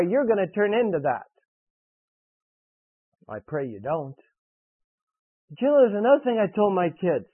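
High-voiced man preaching over tinny radio. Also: big pitch swings, normal speed, long pauses, slightly rough, no room sound. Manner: earnest, direct, questioning his listeners. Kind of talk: sermon with scripture reading. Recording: tinny, dry radio broadcast.

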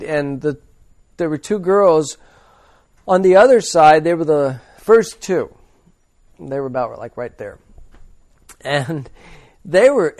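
A man preaching in a casual way, telling a long rambling anecdote with frequent chuckles and blunt asides. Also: on the high side. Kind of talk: informal storytelling sermon.

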